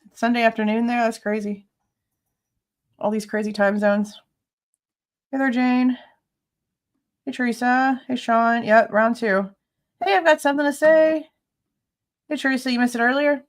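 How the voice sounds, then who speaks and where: A woman hosting a casual livestream, chatting with viewers and greeting them by name, laughing often. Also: high voice. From Ohio. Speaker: livestream host.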